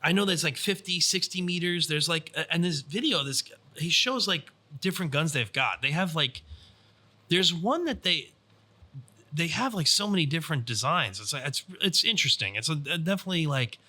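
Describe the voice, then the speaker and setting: Bright, fast-rambling man podcast host. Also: a little high, expressive. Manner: rambling, heavy use of fillers. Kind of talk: casual chat.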